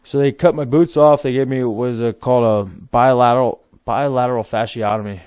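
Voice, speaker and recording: A man's voice: medium pitch, fairly even intonation, fairly quick, a little mellow, clear, resonant tone, no room sound. A man in his thirties telling war stories in casual podcast chat, rambling, laughing and swearing freely. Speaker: podcast guest, military veteran. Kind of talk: casual storytelling.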